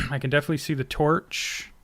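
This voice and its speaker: A man's voice: fairly high pitch, brisk, gravelly. A man running a tabletop game session as game master, narrating in an easygoing way with frequent filler hesitations.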